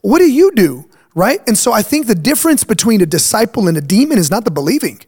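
A man's voice: high-pitched, big pitch swings, quick pace, darkish tone, breathy edge. A man hosting a faith podcast as pastor, talking in an emphatic, preachy way and checking in with "right?" as he explains. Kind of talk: casual chat.

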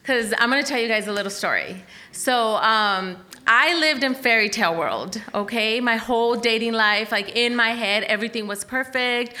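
A young adult woman telling a story in casual talk, animated and laughing, with many "like"s and "okay?"s. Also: fairly high pitch, moderate pace, hardly any pauses.

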